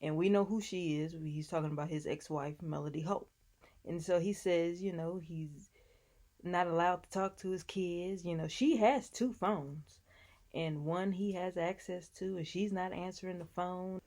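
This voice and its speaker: A woman's voice: lowish voice, steady tone, normal speed, darkish tone. A woman casually recapping a TV episode in a chatty, sassy way, talking back to the people on the show. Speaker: TV recap vlogger.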